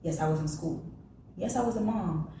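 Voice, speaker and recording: Woman podcast guest, low register, frank and confessional storyteller, echoey off-mic recording. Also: moderate pace, dark tone, distant mic, slight background noise. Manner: frank and confessional, emphatic repetition. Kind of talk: candid personal storytelling.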